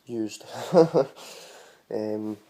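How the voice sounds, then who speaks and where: A man's voice: on the low side, drawn-out words, dark tone. A man with a Scottish accent, chatting casually as he explains how to say local words and spells them out letter by letter. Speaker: vlogger teaching Scottish words.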